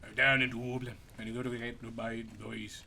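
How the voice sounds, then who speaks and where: Man putting on a rushed mock Irish lad. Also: mid-range voice, level tone, vocal fry, sharp tone, slight background noise. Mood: rowdy. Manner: rushed, mumbled mock accent.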